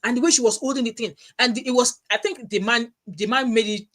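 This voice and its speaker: A woman's voice: on the high side, brisk. A woman in her thirties with a Nigerian accent talks straight to her viewers in a commentary vlog. She is passionate and emphatic, pressing her points with rhetorical questions and slipping into Pidgin. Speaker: vlogger, mother.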